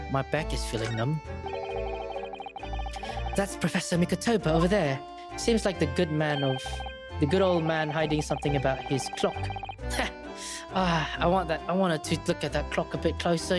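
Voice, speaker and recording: Playful woman streamer over game music. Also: low voice. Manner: playful, giggly, exaggerated. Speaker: vtuber streamer. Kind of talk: let's play reading game dialogue. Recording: background music playing.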